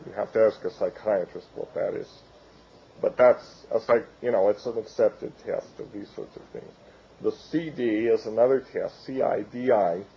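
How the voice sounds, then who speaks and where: A man losing his voice, giving an academic lecture in a halting way with many fillers and restarts. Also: medium pitch, vocal fry, dull audio, a little hiss or hum.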